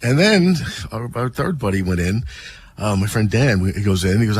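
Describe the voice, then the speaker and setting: A man's voice: on the low side, lively intonation, normal speed, husky. A man co-hosting a sports radio show, telling a joke as a story in casual banter. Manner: storytelling, playful voices in anecdotes. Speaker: radio co-host.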